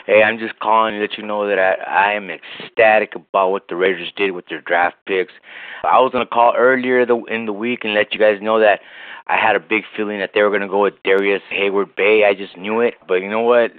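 A man from Bakersfield calling a sports show, excited and rambling, tacking "man" onto nearly every phrase. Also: lowish voice, fairly quick, clear, resonant tone, no echo. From Bakersfield, California. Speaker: caller. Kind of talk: phoned-in fan praise. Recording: tinny phone line.

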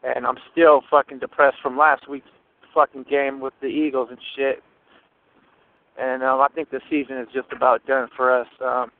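Glum flat-voiced caller on a phone line. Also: male voice, mid-range voice, clear, resonant tone, no room sound. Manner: glum, mumbling, profane.

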